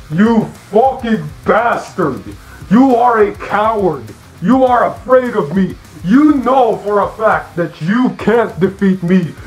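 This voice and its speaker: A man hosting an online channel, delivering an angry, profane, declamatory in-character rant in short repeated phrases with halting restarts. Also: sits high.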